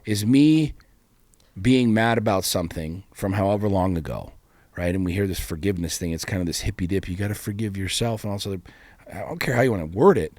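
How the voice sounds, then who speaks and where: A man's voice: low-pitched, animated, a little fast, darkish tone, no room sound. A man co-hosting a relationship talk show, talking candidly and bluntly, swearing freely and firing off rhetorical questions. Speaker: podcast co-host. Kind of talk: candid casual chat.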